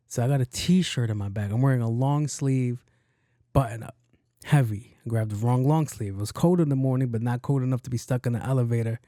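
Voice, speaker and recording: A podcast host with a medium-pitched voice tells a story casually and with plenty of profanity, animatedly performing the other characters' lines. The sound is studio quality with no room sound.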